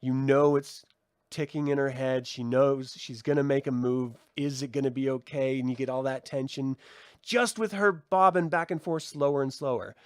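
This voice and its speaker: A man giving a casual review of a TV episode, excitable and gushing, swearing freely and filling his talk with "like". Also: medium pitch, moderate pace, smooth, no room sound, studio quality. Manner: excitable, swears, many "like" fillers. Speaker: TV series reviewer. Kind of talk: casual video review commentary.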